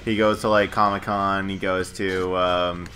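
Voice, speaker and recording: A man's voice: low-pitched, little pitch movement, a little slow. A man co-hosting a couples let's play, rambling, joking and swearing casually as he plays. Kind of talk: casual gameplay commentary.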